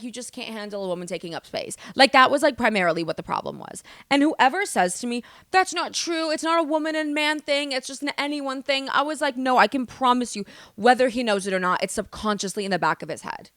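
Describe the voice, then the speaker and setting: Bright-voiced young American woman, animated. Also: high-pitched, a little fast, few pauses, no room sound, studio quality. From United States. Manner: animated, swearing, exaggerated storytelling. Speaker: podcast host. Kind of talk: casual storytelling monologue.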